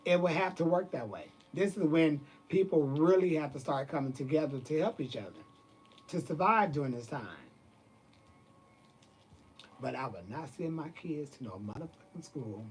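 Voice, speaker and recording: A man's voice: fairly high pitch, lively intonation, moderate pace, darkish tone, breathy edge. A man ranting in a casual monologue, sassy and emphatic, with plenty of swearing and terms of address like "baby" and "honey". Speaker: vlogger.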